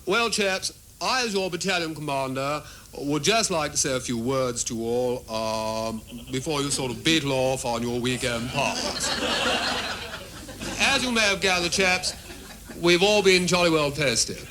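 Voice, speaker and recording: A man's voice: a little high, unhurried, background noise, lightly acted. A man playing a pompous upper-class battalion commander in a comedy sketch, plummy and hesitant as he addresses his men. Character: pompous posh male army battalion commander.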